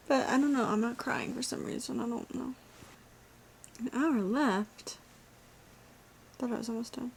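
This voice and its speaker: Excitable young woman reacting to books. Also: on the high side, a little slow, creaky, long pauses. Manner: excitable, often drops to a whisper. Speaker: book vlogger. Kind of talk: casual reading reactions. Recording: faint background noise.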